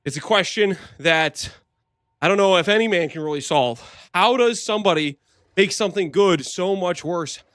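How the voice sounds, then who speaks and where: High, bright-voiced joking streamer guy. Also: normal speed, no echo, clean studio sound. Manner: playful, teasing, jokey. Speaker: streamer host. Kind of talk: casual stream chat.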